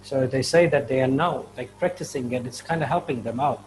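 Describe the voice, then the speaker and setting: A man teaching slang in a casual online lesson, chatty, often checking in with "right?" and slowing down to repeat examples. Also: mid-range voice, noisy background. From India. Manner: chatty, repeats examples slowly, frequent "right?" and "you know". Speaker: English teacher.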